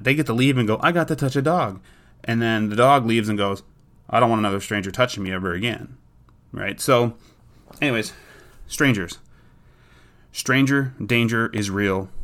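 A man's voice: lowish voice, a bit bright. A man talking casually and bluntly, giving opinionated advice about dogs and their owners. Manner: blunt and opinionated, with frequent restarts.

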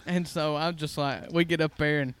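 A man's voice: on the high side, steady tone, moderate pace, a bit bright, clean tone, no echo. A man, co-hosting a podcast and telling folksy, jokey stories in casual chat. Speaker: podcast co-host.

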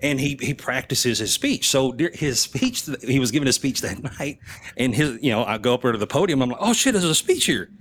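A man telling war-era anecdotes on a casual podcast, his pitch leaping up and down as he acts out the scenes. His voice sits at a middling height and breaks into laughter often. There is faint noise behind him. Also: a little fast. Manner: animated, laughs often, swings his voice up high for quoted lines. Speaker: military veteran guest telling stories.

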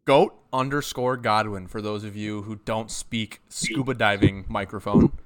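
A man's voice: fairly low pitch, a little slow. A young man hosting a casual live-streamed chat, joking and swearing freely. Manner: profane, joking, excitable. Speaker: podcast host.

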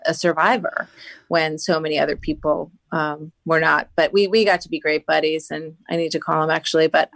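A woman's voice: low-pitched, creaky, no echo. A woman guest on a podcast, telling a story earnestly with lots of "you know" fillers. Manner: earnest, animated retelling with many fillers. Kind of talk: storytelling interview.

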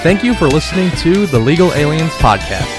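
A man's voice: on the high side, a little fast. Male announcer over guitar music. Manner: steady promotional delivery. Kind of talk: scripted outro read.

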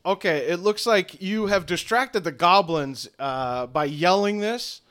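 Game master, male, slightly high voice, loose descriptive narration. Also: measured pace, fairly bright tone.

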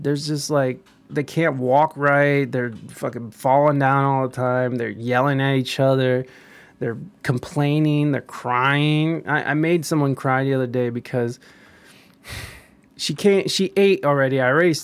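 A man's voice: mid-range voice, creaky. A young man giving rambling, crude and profane casual commentary as a vlogger.

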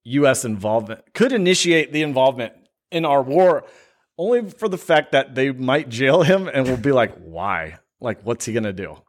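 A middle-aged man co-hosting a casual podcast, trading jokes and slipping into silly voices. His pitch moves around a lot. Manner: jokey, drifts into mock accents. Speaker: podcast co-host. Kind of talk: casual banter.

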